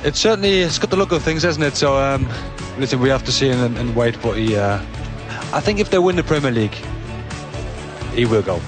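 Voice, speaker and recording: A man giving football punditry in a relaxed, chatty way. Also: mid-range voice, brisk, over music. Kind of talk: studio punditry.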